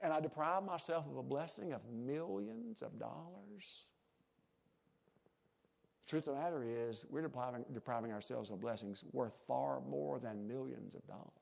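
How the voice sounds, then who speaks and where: A middle-aged man, preaching a folksy sermon as pastor of his church, swinging from soft asides to loud emphatic peaks. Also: medium pitch, gravelly.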